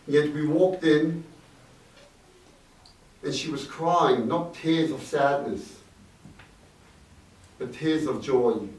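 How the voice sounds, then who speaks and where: Middle-aged male rabbi, reflective storyteller, mid pitch, off-mic in an echoey hall. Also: extremely slow, pauses often. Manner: reflective, warm anecdotal storytelling with Yiddish words. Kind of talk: storytelling speech to an audience. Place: event hall. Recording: echoey room, distant mic, faint noise.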